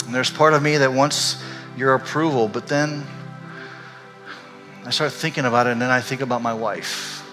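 An older man, a pastor, telling a candid and emotional personal story in a sermon, animated as he goes. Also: medium pitch. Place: church sanctuary. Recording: echoey hall.

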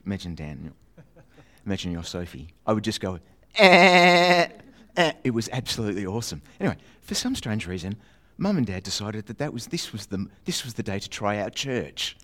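A man preaching in a chatty, self-mocking way, telling a childhood story with animated voices and sound effects. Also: on the low side. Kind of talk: storytelling sermon.

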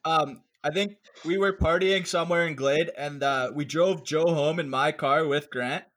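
A man's voice: on the high side, normal speed, fairly bright tone. A young man casually telling a story to friends, swearing freely. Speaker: friend in group chat. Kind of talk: casual chat.

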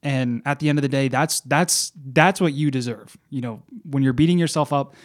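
A man co-hosting a casual self-help podcast, speaking in a reflective, gently reassuring way. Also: medium pitch, moderate pace. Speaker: podcast co-host.

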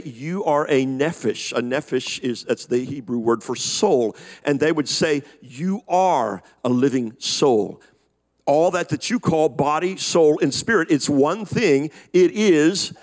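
A man preaching a sermon, reading scripture and slowing down on key phrases for emphasis. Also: fairly high pitch. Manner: animated preaching, slows for emphasis. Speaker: pastor.

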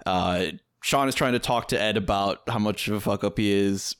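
A man co-hosting a film podcast, retelling scenes in a relaxed way with lots of fillers. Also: on the low side, normal speed, clear, resonant tone, no echo, studio quality. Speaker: podcast co-host. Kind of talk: casual chat.

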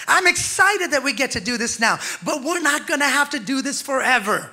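A male pastor preaching a sermon with emphasis, swelling louder and dropping quiet by turns and calling out to his congregation. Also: very high-pitched, expressive, a little fast. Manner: calls out to the congregation.

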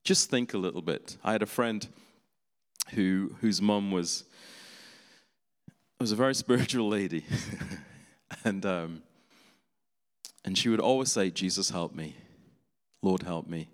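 A man's voice: lowish voice, a little slow, pauses often. A man preaching a sermon in a conversational way, with laughing asides. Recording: long hall reverb.

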